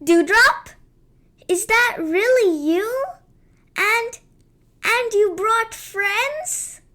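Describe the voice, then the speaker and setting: A woman voicing a gentle, kind young female unicorn in a children's storybook, with soft, anxious calls. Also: extremely high pitch, lively intonation, very slow, pitched above the performer's own voice, heavily acted. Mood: amazed.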